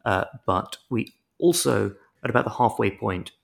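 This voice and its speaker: A man's voice: lowish voice, moderate pace, vocal fry. A man co-hosting a film review podcast, chatting casually and rambling into wry comic analogies.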